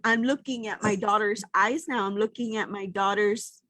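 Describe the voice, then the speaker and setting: A woman's voice: medium pitch, fairly even intonation, normal speed, pushed and bright, dry recording. A middle-aged woman co-hosting a casual chat, speaking in a heartfelt, reflective way. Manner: heartfelt and reflective, gets emotional. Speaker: podcast co-host.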